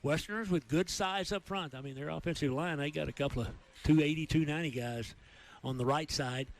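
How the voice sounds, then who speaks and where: A man with a Texan accent calling high school football play by play, with rapid excited calls during big plays. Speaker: play-by-play announcer.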